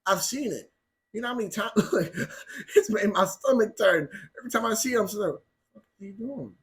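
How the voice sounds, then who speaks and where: Brief: high-voiced man on a hot-headed, cursing rant for his gun channel. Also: animated, fast talker. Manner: blunt, profane and heated. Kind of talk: ranting commentary.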